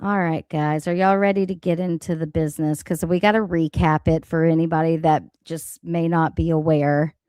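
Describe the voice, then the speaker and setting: A woman's voice: sits low, fairly even intonation, moderate pace, few pauses, dark tone, clear, resonant tone, dry recording. A woman hosting a casual livestream, ranting bluntly with lots of swearing and laughter, reading out chat comments. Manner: profane, blunt, laughing often. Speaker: livestream host. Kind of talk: casual live-stream rant.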